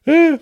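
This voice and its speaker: A man's voice: very high-pitched, a little mellow, no echo. A man from Maryland in casual chat, rambling and often repeating words as he thinks. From Maryland, USA.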